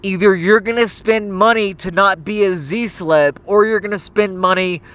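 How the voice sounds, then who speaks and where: A man's voice: high voice, moderate pace, fairly bright tone, smooth. A young man in a rambling, profane voice message, scolding someone and stammering as he restarts his sentences. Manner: stammers and restarts when heated. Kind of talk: ranting voice message.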